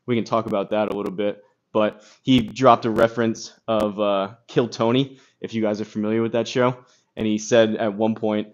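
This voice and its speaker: A man casually chatting on a golf live stream, rambling with lots of fillers and reading chat comments aloud, recorded on a phone. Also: fairly low pitch. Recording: slightly dull phone audio with crackle.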